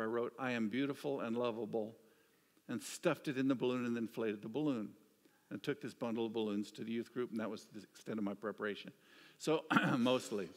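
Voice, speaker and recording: A male pastor preaching in a medium-pitched voice, telling stories from the pulpit. He swings between lively, raised emphasis and soft, hushed moments. His voice carries a long, ringing reverb from the church hall. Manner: storytelling, swings from animated to hushed. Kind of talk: sermon. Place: church sanctuary.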